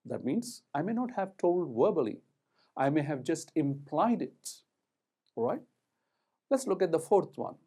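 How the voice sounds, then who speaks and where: Emphatic male lecturer, lively mellow voice. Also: a little high. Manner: emphatic, deliberate, stresses words for effect. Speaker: communication skills trainer. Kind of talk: recorded lecture.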